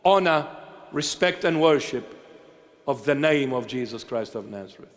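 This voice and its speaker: A man preaching a sermon as a bishop, impassioned and repetitive, swinging from loud declarations to hushed tenderness. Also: medium pitch, animated, normal speed, long reverb tail. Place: church.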